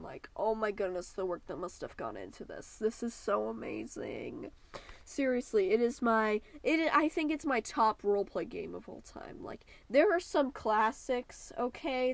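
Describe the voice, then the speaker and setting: A woman with a mid-range, gravelly voice hosts her YouTube art channel in a dry recording. Her casual, enthusiastic voice-over rambles with many ums and slips into a playful put-on accent.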